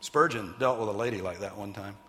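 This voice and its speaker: A man preaching a sermon as pastor, animated and emphatic, sometimes putting on loud voices for the people he quotes. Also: fairly low pitch, a little fast, in a large hall.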